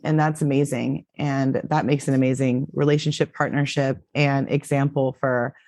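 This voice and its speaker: A woman's voice: very deep voice, flat delivery, normal speed, darkish tone, no echo, studio quality. Effusive woman co-host. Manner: effusive, affirming, laughs often. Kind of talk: casual podcast chat.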